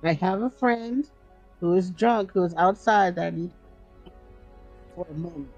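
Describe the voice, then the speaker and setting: A woman's voice: lowish voice, a little slow, a little mellow, faint music behind. A woman voicing a blunt young woman who drags a drunk friend along, talking in a curt, exasperated way, on a dull lo-fi mic. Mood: polite.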